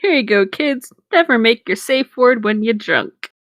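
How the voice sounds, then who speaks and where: A woman's voice: on the high side, animated, a little slow, fairly bright tone, no room sound. Laughing, crude-joking young woman. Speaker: story reader and co-host. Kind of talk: casual banter and story reading.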